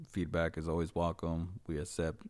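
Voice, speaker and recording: A man's voice: low voice, completely flat delivery, moderate pace, a little mellow. A young man co-hosting a podcast in casual, profane banter, laughing often. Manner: laughing, joking, swearing often. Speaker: podcast co-host.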